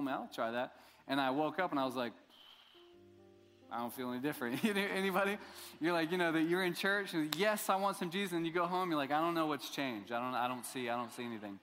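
A man's voice: mid-range voice, a bit bright. A middle-aged man preaching a sermon as a pastor, telling his own story in a casual, joking way and acting out the voices of the people in it. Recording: long hall reverb.

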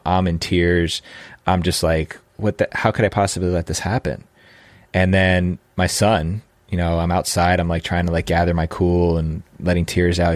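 A man's voice: deep voice, no room sound. A man in his thirties, a podcast host, earnestly telling a personal story about fatherhood with frequent restarts.

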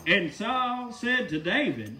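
A man's voice: high-pitched, big pitch swings, takes it slowly, sharp tone, reverberant, far from the mic, slight background noise. A man preaching a sermon in an emphatic, folksy way, often asking the listeners rhetorical questions.

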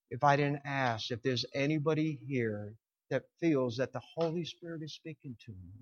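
A man preaching a sermon with passion, swelling to loud emphatic peaks and dropping low, sometimes stumbling over words. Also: lo-fi sound.

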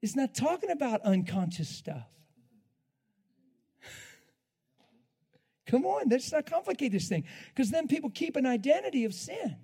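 A man preaching a sermon in an animated way, laughing often and swinging between loud, drawn-out lines and hushed ones. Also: very high voice, husky.

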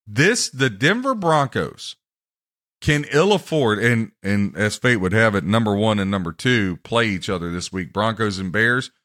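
Bright-voiced ranting sports podcast host. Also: male voice, lowish voice, expressive, measured pace. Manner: loud, ranting, mocking sports commentary.

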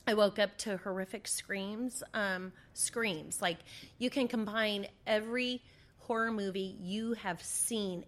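A woman's voice: mid-range voice, slow pace, a bit bright. Woman, middle-aged, interview guest, conversational storytelling, fillers, quoted dialogue. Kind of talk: emotional personal storytelling.

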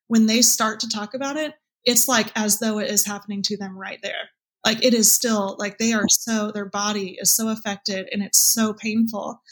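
An earnest woman answers an interviewer's questions in a reflective, open way. Her voice sits a little high. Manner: earnest, reflective, quotes her own past thoughts. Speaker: guest, birth mother and support group leader.

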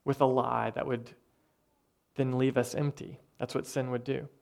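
A man preaching a sermon with earnest, conversational delivery and thoughtful pauses. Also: mid-range voice, flat delivery, gravelly, darkish tone. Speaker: pastor.

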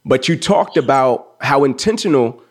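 A man's voice: medium pitch, lively intonation, normal speed. A man hosting a podcast interview, enthusiastic and affirming, with frequent "right?" and "like" in his speech. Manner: enthusiastic, affirming, peppered with 'right?' and 'like'. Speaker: podcast host. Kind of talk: casual interview conversation.

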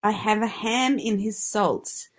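A woman's voice: medium pitch, slow. A woman co-hosting a casual podcast chat, laughing often and reading out sayings with playful emphasis. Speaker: podcast co-host.

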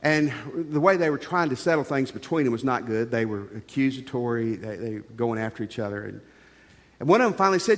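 A man's voice: mid-range voice, expressive, brisk, big-room sound. A middle-aged male pastor preaching a sermon in an earnest, conversational way, telling stories from his own life.

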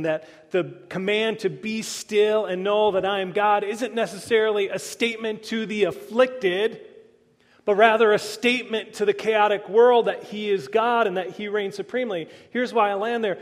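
Man, pastor, high voice, earnest sermon, swelling and hushed, long hall echo. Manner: earnest preaching that swells then drops to a hush.

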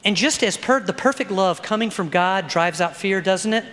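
High-voiced preaching man in a reverberant hall. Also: normal speed, a bit bright. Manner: conversational preaching with frequent "okay?" tag questions. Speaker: pastor. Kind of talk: sermon.

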